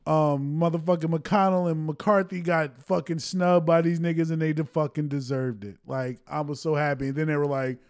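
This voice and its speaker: A man's voice: fairly high pitch, steady tone, moderate pace, few pauses, a little mellow, smooth. Blunt, profane man in podcast chat. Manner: blunt, profane, says bruh often. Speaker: podcast co-host. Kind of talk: casual chat.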